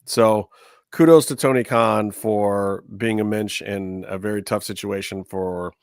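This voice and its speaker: A man hosting a casual wrestling podcast, talking loosely and breaking into high, excited exclamations. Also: measured pace, clear, resonant tone, no room sound, clean studio sound. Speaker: podcast host.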